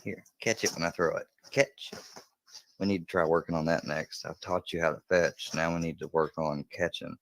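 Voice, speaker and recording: A man's voice: low voice, fairly even intonation, moderate pace, gravelly, no echo. A man livestreaming from home, playfully chatting with his dog in a bouncy, sing-song way. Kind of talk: casual livestream chat.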